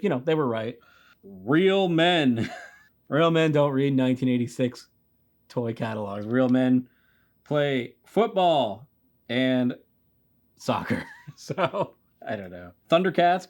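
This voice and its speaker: A man in his forties hosting a casual, rambling commentary full of fillers. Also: medium pitch. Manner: rambling, filler-heavy, relaxed. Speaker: host.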